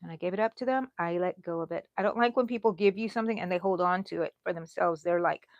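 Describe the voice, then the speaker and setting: A woman's voice: on the low side, fast talker, no echo, dull audio. Chatty middle-aged woman crocheting live. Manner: chatty and rambling, talks to herself while crocheting. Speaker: crochet channel host. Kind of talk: casual chat during a livestream.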